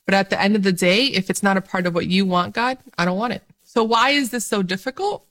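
Joyful woman doing a faith talk video, laughs a lot, bouncy and lively, middle-pitched voice. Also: fast talker. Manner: joyful and animated, laughs often, bright rises in pitch.

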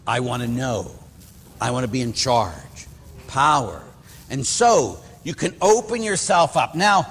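Chatty priest preaching in a reverberant hall. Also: male voice, on the high side, a bit bright, breathy edge. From Pittsburgh area, USA. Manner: chatty, rambling, acts out voices in his stories. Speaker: Catholic priest. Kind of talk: storytelling sermon.

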